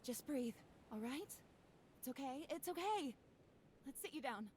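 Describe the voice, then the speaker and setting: A woman's voice: high voice, lively intonation, a little slow, darkish tone, slight background noise. A woman voicing a caring, anxious young hiker who talks a friend through panic in an audio drama. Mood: soothing. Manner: soothing, coaxing breathing.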